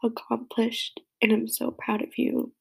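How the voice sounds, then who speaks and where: A woman's voice: fairly high pitch, level tone, a little slow, vocal fry, darkish tone, slightly rough, in a whisper. A young woman crying as she gives a rambling, heartfelt tribute to a friend. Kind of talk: emotional personal tribute.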